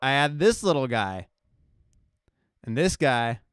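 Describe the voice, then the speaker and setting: A man's voice: mid-range voice, sing-song, takes it slowly, a bit bright, smooth, no room sound, clean studio sound. Chatty man explaining his music production. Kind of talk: casual live production tutorial.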